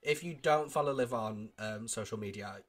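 A man's voice: fairly low pitch, normal speed, faint music behind. A man hosting a podcast in casual chat over a video call, giggly and teasing. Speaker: podcast host.

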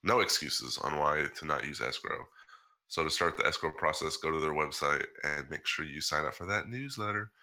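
A man's voice: very deep voice, moderate pace, pushed and bright. A man hosting a podcast, reading sponsor ads in a breezy, joking way. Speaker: podcast host. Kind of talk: casual chat and ad reads.

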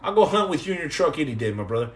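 Middle-aged male streamer, fairly high voice, energetic and joking, answers chat directly. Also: rapid-fire. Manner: lively, jumps between jokes and chat shout-outs. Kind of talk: casual live-stream chat.

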